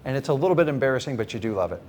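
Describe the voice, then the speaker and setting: A middle-aged man teaching a live seminar. He is energetic and direct, often questions the audience and then answers himself. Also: mid-range voice, racing. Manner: energetic, direct, acts out sample conversations. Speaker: real estate investing trainer. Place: large event hall with a live audience. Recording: echoey hall, faint background noise.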